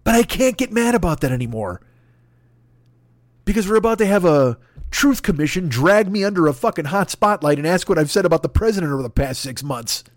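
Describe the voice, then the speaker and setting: A podcast host with a high, lively voice rants briskly in exasperated, profanity-laden comic bursts. His podcast microphone gives a dry, studio-quality recording.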